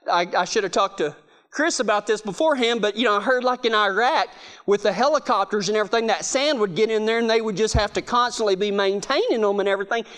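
A middle-aged man giving a humorous storytelling talk, laughing often as he goes. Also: high voice. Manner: laughing, animated storyteller with restarts. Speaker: speaker.

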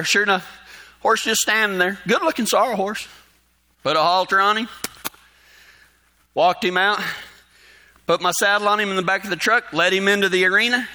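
A male pastor spins a folksy story in his sermon, his fairly high voice cutting through with a very bright, sharp edge. He chuckles often as he talks. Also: normal speed, long pauses.

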